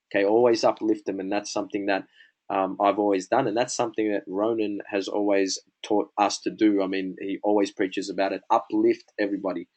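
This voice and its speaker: A man's voice: lowish voice, steady tone, fairly quick. A man giving a casual sales lesson, chatty and full of "bro" and "man", acting out sample conversations. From Australia. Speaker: sales coach. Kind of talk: casual teaching talk.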